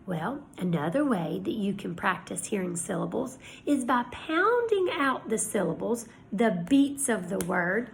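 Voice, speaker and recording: A woman teacher giving a lesson to young children, speaking slowly and clearly in an encouraging way. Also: medium pitch, big pitch swings, slight background noise.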